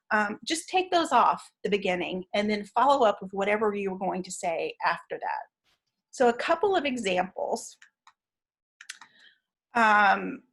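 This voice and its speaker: A woman teaching an online training session, explaining in a measured way with frequent fillers and restarts. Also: medium pitch, a bit bright.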